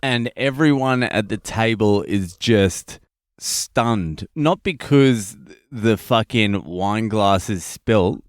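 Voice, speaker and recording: An Australian man hosting a podcast, telling a story in a casual, animated and heavily profane comic monologue. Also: fairly low pitch, clear, resonant tone, no echo, studio quality. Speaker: podcast host, comedian.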